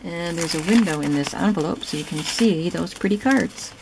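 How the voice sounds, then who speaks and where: A woman casually narrating a show-and-tell of a handmade journal, soft, chatty and admiring as she thinks aloud. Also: lowish voice, moderate pace, creaky, background noise. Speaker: craft vlogger showing a gifted journal.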